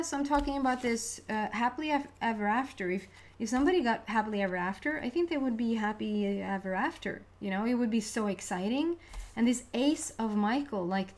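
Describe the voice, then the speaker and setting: A woman giving a casual, chatty tarot reading, excitable and quick to laugh, often restarting her words. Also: a little high. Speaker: tarot card reader.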